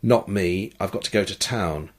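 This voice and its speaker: A man's voice: deep voice, moderate pace. A man voicing an easygoing, hospitable man who offers drinks and help in an offhand way. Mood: friendly.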